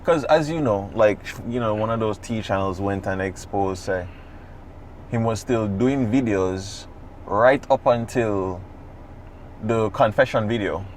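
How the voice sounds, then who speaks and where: A man, co-hosting a podcast in casual chat, talking in an animated, profane, rambling way. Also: lowish voice, measured pace, slight background noise. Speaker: podcast co-host.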